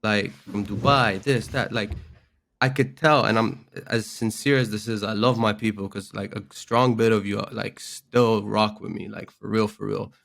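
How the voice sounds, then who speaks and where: A man's voice: on the low side, steady tone, moderate pace, creaky, a bit bright. A young man, a rapper, chatting casually as a podcast guest, dropping slang and laughing often. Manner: slangy, laughs often, says "bro" a lot. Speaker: rapper and content creator guest.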